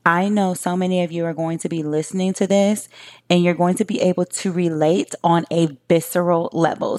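A woman podcast host in her thirties talks straight to her listeners, chatty and emphatic. Her voice sits a little low for a woman. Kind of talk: solo podcast monologue.

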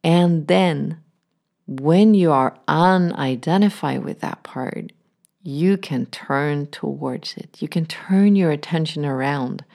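A woman hosting a solo podcast as an emotional healing coach, speaking gently and soothingly, sometimes sinking into soft near-whispers. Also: low-pitched. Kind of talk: reflective solo podcast monologue.

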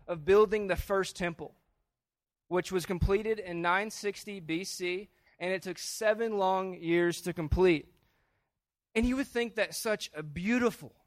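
A man preaching a sermon as pastor, earnest, swelling louder on key phrases. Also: high-pitched, dry recording.

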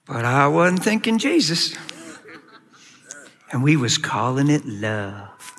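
A male pastor preaching a sermon to a live audience in a large hall. He tells his story with animated swings from loud shouts to quiet low asides. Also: slow pace. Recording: long echoing hall reverb.

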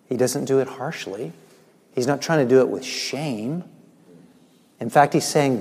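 A man's voice: fairly high pitch, expressive, normal speed. Earnest male pastor preaching in a hall. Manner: earnest, varies pace and loudness for emphasis. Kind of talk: sermon.

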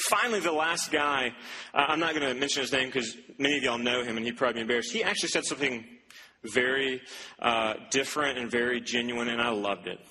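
A man's voice: medium pitch, fairly quick, noisy background. A young man preaching a sermon to students, telling a story in a loose, chatty way with asides and laughs. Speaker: campus preacher. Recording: long hall reverb, faint ambience.

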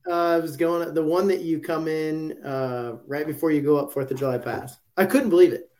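A man's voice: fairly high pitch, normal speed. A man chatting casually on a fishing show, telling stories and acting out the people he quotes. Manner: animated storyteller, acts out quotes. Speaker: fantasy fishing show regular. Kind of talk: casual chat.

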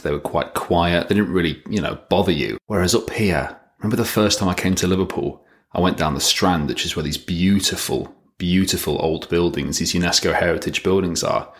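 Male podcast host, thirties, very low voice, dry and chatty monologue. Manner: wry, chatty, rambling. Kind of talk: casual solo podcast monologue.

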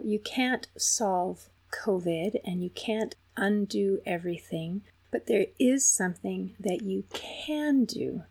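A woman hosts a conversational interview and responds to her guest with gentle reassurance. Her voice is somewhat breathy and sits at a middle pitch. She speaks warmly and reflectively. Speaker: podcast host.

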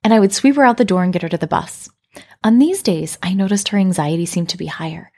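A woman hosting a parenting podcast, telling a story and explaining in a calm, reflective scripted way. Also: lowish voice, fast. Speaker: podcast host.

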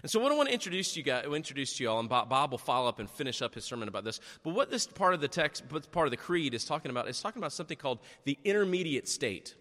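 A middle-aged man preaching a sermon, telling stories in an animated, chatty and self-deprecating way. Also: fairly high pitch, rapid-fire, hardly any pauses. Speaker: pastor. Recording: long echo of a large hall.

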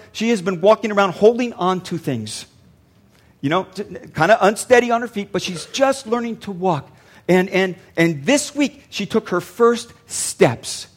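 An older man, a pastor, preaching a sermon earnestly and repeating lines for emphasis. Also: high-pitched.

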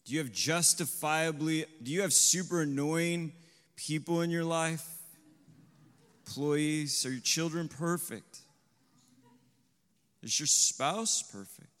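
Slow, resonant-voiced male preacher. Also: big-room sound. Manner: swells to loud, high emphatic peaks; asks the congregation questions, adds "right?". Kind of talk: sermon. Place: congregation hall.

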